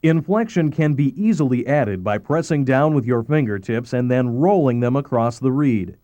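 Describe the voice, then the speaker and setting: A man narrating a scripted instructional voice-over, giving calm step-by-step directions. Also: mid-range voice, normal speed, dry recording.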